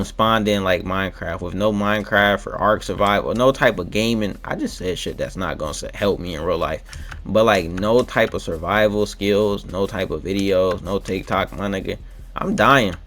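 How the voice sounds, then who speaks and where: A man's voice: fairly low pitch, a bit bright, a little hiss or hum. A young man rambling in slangy, laid-back chat while playing a video game late at night. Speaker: gaming vlogger.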